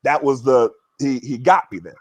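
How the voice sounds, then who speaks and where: A man's voice: medium pitch, normal speed, dry recording. A former pro basketball player telling a story in casual chat, acting out what others said and peppering his talk with "you know" and "right?". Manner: animated, acts out other people's words.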